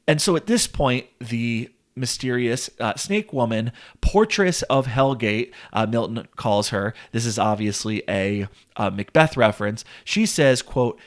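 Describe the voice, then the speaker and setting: A man's voice: mid-range voice, lively intonation, measured pace, hardly any pauses. A man giving a casual lesson on a classic poem, chatty and full of fillers. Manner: chatty, with frequent "uh" and "like". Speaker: literature explainer.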